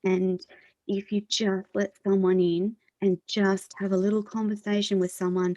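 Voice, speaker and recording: A female talk show host speaks in a measured, encouraging and earnest way. Her voice is warm and mellow. The recording is dry and slightly muffled, with a lo-fi sound. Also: mid-range voice, level tone, no echo.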